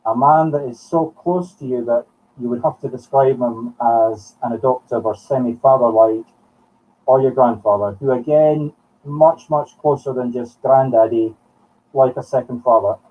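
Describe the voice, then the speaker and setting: A Scottish man working as a medium on a live broadcast, talking in halting short phrases as he thinks aloud. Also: mid-range voice, steady tone, distant mic. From Scotland. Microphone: streaming from home. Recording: muffled sound from off the mic.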